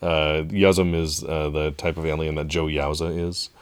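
A man co-hosting a podcast, recapping a show in casual chat, relaxed and laughing often. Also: rumbling low, normal speed, clean tone, no room sound. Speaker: podcast co-host.

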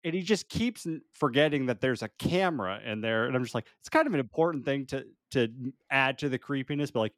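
A man in casual podcast chat, speaking in a middle-pitched voice with an easygoing, chuckling manner. His voice sounds close and dry, with no room in the sound. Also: lively intonation, fairly quick, hardly any pauses, dry recording. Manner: laughs often, easygoing recap. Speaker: podcast co-host.

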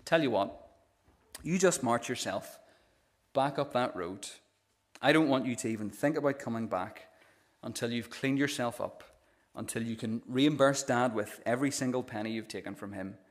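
A harsh, self-righteous older brother, a young man lecturing his sibling with cold scorn, as a preacher acts him out in a sermon. He speaks in an even, mid-pitched man's voice, low-key and contemptuous rather than loud. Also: moderate pace, natural voice. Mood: cold dismissive.

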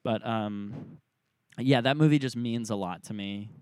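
A man in his twenties chats on a podcast with real feeling, his voice rising when he gets excited. The sound is dry and close to the mic, with no room around it. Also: fairly low pitch, a little slow, clear, resonant tone, no room sound. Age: 20s. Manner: earnest, animated, laughs often. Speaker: podcast co-host. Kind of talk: casual chat.

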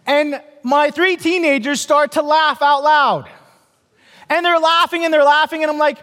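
High-voiced pastor in a reverberant church. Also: male voice, normal speed, a bit bright. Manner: storytelling with quoted voices and dry self-deprecating humor. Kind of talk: sermon. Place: church sanctuary.

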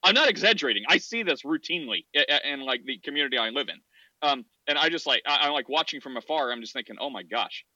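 A man co-hosting a casual podcast discussion, rambling and animated, often acting out quoted voices. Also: on the high side, fast, no room sound, muffled recording. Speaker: podcast co-host.

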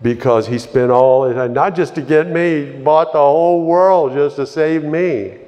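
A man's voice: on the high side, a little slow, dark tone, in a large hall. A man preaching a fervent sermon, repeating his phrases and breaking into hallelujahs.

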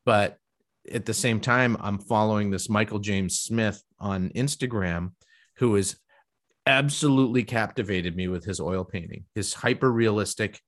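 A middle-aged man with a fairly low voice, chatting casually as a host. He talks with eager enthusiasm in long, rambling stretches, often restarting his sentences. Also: moderate pace, fairly bright tone. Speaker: podcast host and professional artist. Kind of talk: casual conversation.

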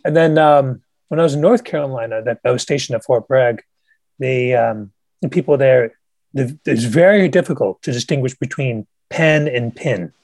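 A podcast host leading a casual interview, telling relaxed anecdotes with the odd chuckle. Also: mid-range voice, normal speed, no echo.

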